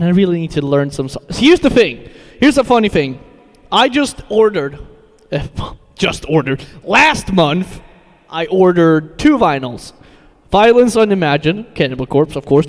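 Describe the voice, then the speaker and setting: High-voiced man rambling casually on stream. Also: big-room sound. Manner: rambling, profane, laughs often. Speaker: metal music streamer.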